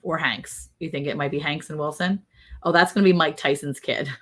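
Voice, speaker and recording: A woman's voice: low-pitched, fairly even intonation, fairly quick, fairly bright tone. A woman hosting a casual livestream, quizzing her co-host and reading viewer comments aloud. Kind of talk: casual chat, running a guessing game.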